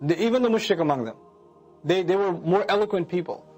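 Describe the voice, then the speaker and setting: A man with a bright, high-pitched voice lectures on scripture with lively energy. He recites Arabic verses and acts out emotions as he explains. Soft music plays faintly underneath. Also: quick pace. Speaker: Quran lecturer.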